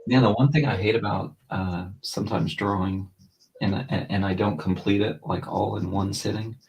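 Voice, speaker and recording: Low-voiced man telling animated stories. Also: normal speed, creaky. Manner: animated storyteller, mimics voices with big pitch jumps. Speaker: podcast co-host drawing while chatting. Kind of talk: casual chat.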